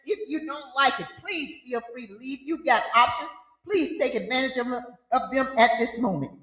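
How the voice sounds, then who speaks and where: A woman's voice: sits high, normal speed, a bit bright. A middle-aged woman from the American South with a Southern accent, hosting her own show with emphatic, fiery preaching that keeps checking in with "okay?". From Southern United States. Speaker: host. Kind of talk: casual monologue. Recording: echoey room with audible noise.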